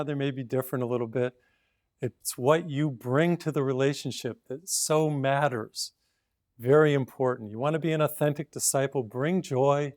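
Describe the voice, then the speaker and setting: A male priest preaching a short homily, earnest and gently urging. His voice sits in a middle pitch. The recording is dry and close, with no room sound. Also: no echo.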